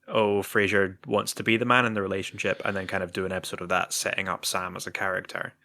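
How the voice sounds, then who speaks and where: A man's voice: sits low, flat delivery, quick pace, gravelly, sharp tone. A man co-hosting a podcast in casual chat, agreeable and speculative in his way of talking. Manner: agreeable, speculative, often says "yeah" and "kind of". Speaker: podcast co-host.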